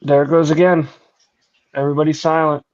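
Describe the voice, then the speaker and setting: A man's voice: little pitch movement, a little fast, a little mellow. A middle-aged man and podcast co-host, chatting casually and telling profane stories with lots of laughing. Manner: profane, laughing storyteller who mimics others in a high voice. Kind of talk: casual chat. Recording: dull lo-fi online call audio.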